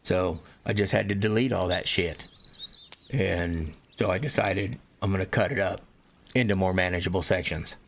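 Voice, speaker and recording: A man's voice: deep voice, moderate pace, background noise. A man reading his own book as an amateur narrator, talking loosely, swearing casually and stumbling over repeated words into a desktop microphone at home. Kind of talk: casual, unscripted intro then book narration. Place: home recording setup, desktop audio.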